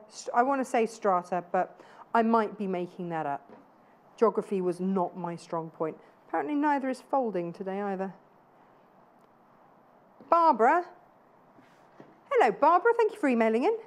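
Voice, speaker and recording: A woman's voice: medium pitch, expressive, moderate pace, pauses often. A woman in her thirties presenting live TV sales in a chatty, gushing way with self-deprecating asides. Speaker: shopping channel presenter. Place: TV studio.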